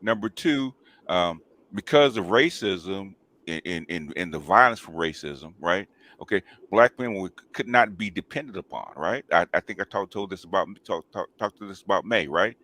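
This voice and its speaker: A man's voice: sits low, expressive, moderate pace, sharp tone. A man hosting a talk show, explaining his points emphatically and checking in with "okay?" and "right?". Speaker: host.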